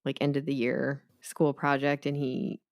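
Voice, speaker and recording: A woman's voice: rumbling low, level tone, measured pace, creaky, dry recording. A woman in her thirties with a slight lisp, co-hosting a podcast in casual chat and teasing her friend dryly. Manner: dry, teasing. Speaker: podcast co-host.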